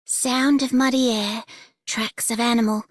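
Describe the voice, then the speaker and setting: An actress voicing a young woman game character on watch, in an attempted Australian accent with slow, drawn-out vowels. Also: a little high, steady tone. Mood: watchful.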